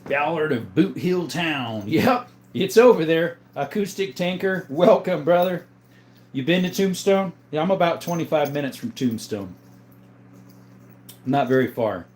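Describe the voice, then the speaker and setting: A man with a somewhat high voice hosts a casual livestream. He reads viewer questions aloud and answers in an easygoing way, with plenty of ums and uhs along the way. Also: animated, unhurried. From southern Arizona. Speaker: livestream host answering chat. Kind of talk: casual live-chat talk.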